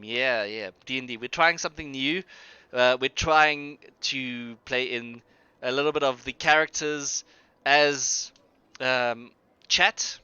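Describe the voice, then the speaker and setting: A man's voice: mid-range voice, slow, pushed and bright, clear, resonant tone, no echo, highs cut off. A man narrating a tabletop game on a live stream as game master, in a rambling, hesitant way.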